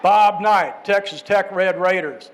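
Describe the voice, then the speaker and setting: A man's voice: high-pitched, measured pace, a little hiss or hum. A man doing an impression of a commanding older male college basketball coach calling on the phone, repeating his name emphatically. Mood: insistent.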